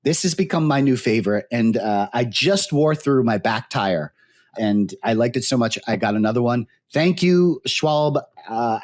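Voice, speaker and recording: Husky, rambling mountain bike podcast host. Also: male voice, medium pitch. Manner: rambling, heavy use of fillers like "you know" and "like". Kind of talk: casual chat.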